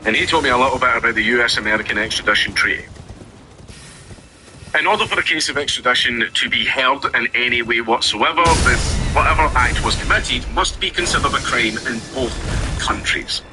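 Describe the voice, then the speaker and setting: A man's voice: medium pitch, a little fast, noisy background. A man giving sarcastic, ranting commentary, reading news aloud and then mocking it. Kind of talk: ranting commentary over gameplay.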